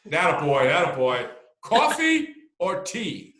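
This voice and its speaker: A man hosting a casual video-call interview, teasing his guest with drawn-out either-or questions in an excitable manner. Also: fairly high pitch, echoey room. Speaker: channel host.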